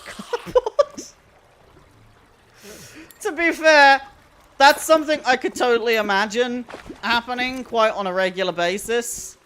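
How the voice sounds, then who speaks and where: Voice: medium pitch, fairly bright tone, slight background noise. A streamer chatting casually while playing a video game, rambling and laughing often. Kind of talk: casual live-stream chat. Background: faint in-game music.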